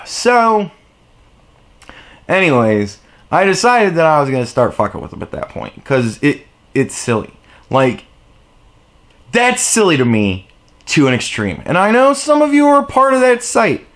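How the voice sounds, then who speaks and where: A young man ranting casually to his camera, profane and animated, recorded on the camera's own mic. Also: a little high, moderate pace. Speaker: vlogger.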